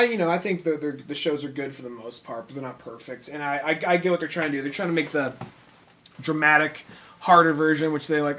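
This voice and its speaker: A man co-hosting a podcast in casual chat, animated and quick to act out characters as he talks. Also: on the high side. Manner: animated, acts out characters mid-sentence. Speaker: podcast co-host.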